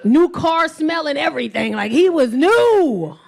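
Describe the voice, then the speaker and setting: A middle-aged woman doing a loud, brash, profane stand-up set on a comedy club stage, acting out characters in quick voices, with the audience laughing behind her. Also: sits high, big pitch swings, gravelly. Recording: live club recording with faint crowd.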